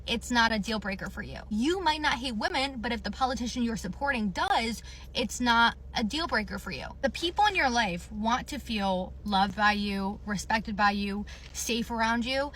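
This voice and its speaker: Woman, earnest opinion clip, measured delivery, slightly high pitch. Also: lively intonation, fairly bright tone, slight background noise. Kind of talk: direct-to-camera opinion clip.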